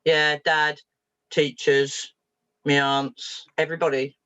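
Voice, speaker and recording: Sulky little boy, curt and flat, as a woman puts him on. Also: sits low, slow pace, clear, resonant tone. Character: sullen seven-year-old boy, angry and withdrawn. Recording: dull lo-fi recording.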